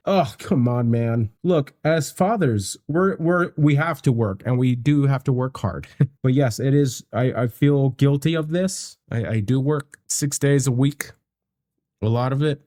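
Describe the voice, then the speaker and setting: A man in his thirties reacts to music in a relaxed, warm voice. He talks reflectively and haltingly, stopping and restarting as he thinks out loud. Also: mid-range voice. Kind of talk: casual reaction commentary.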